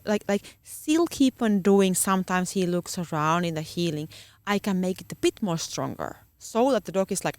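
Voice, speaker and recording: A woman's voice: lowish voice, no echo. Woman searching for words. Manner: searching for words, many fillers. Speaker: guest dog trainer. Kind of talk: casual podcast conversation.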